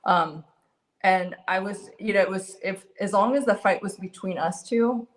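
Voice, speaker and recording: A middle-aged woman giving a candid personal testimony as an interview guest, earnest and halting with frequent restarts. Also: mid-range voice.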